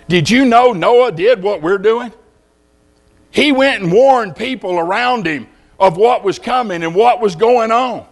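An older man with a drawl preaches with folksy humor, spinning homespun tales. His voice sits high for a man and swoops up and down with animation. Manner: folksy storytelling with jokes. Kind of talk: sermon.

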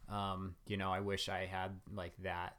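A man, a guest runner, telling his story in casual interview chat, rambling with many fillers and animated. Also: low-pitched, measured pace.

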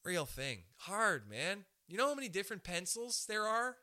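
A man's voice: high voice, moderate pace. A young man doing a rambling, profane stand-up style monologue. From Canada. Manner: profane, rambling, animated asides.

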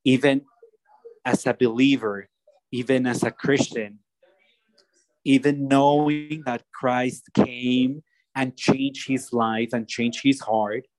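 Male preacher, sermon, unhurried measured delivery, restarts phrases, dry sound. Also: medium pitch, steady tone, darkish tone, no echo, rough recording. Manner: slow and deliberate, with frequent restarts.

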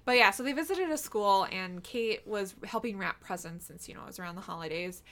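A woman's voice: mid-range voice, brisk, a loud crowd. A woman co-hosting a casual chat, rambling with many fillers and restarts. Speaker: podcast co-host.

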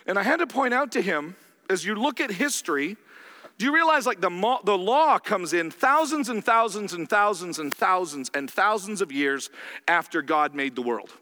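A man with a high, bright voice delivers a conversational sermon, often stopping to ask his listeners whether they follow. His words ring out with the long reverb of a large hall. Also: lively intonation, moderate pace. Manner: conversational, checks in with rhetorical questions. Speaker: pastor.

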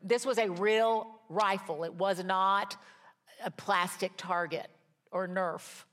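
An older woman teaching a Bible study in a sermon style, telling stories that move from hushed to rousing. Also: mid-range voice, steady tone, slow pace. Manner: storytelling, swings from hushed to rousing.

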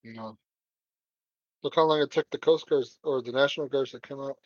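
A man's voice: mid-range voice, moderate pace, no room sound. A man co-hosting a casual podcast chat, laid-back and profane, laughing easily, on a dull lo-fi recording. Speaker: podcast co-host. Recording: dull lo-fi sound.

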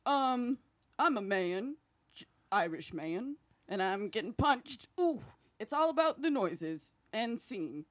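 A woman's voice: fairly high pitch, very animated, slow. A woman playing a flustered, scatterbrained auditioner. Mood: befuddled. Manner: flustered, rambling, self-deprecating. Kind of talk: improv comedy scene.

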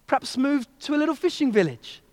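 A man voicing a self-assured male American businessman who lectures in a brisk, confident sales pitch. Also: very animated, a little mellow, big-room sound. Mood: eager, persuasive.

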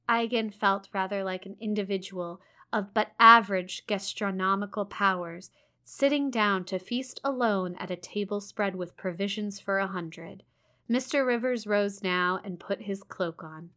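Bright-voiced woman reading a novel aloud. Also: medium pitch, normal speed. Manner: expressive, with casual amused asides. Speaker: reader.

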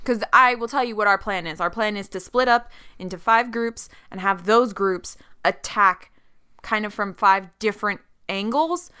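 A woman's voice: medium pitch, normal speed, bright, forceful tone, clean tone. A woman player in a tabletop game, talking casually and asking questions.

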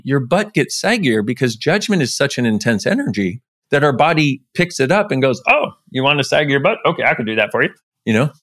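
A man speaking as a podcast guest in casual interview talk, animated, pushing his pitch up sharply for emphasis. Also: no echo, studio quality.

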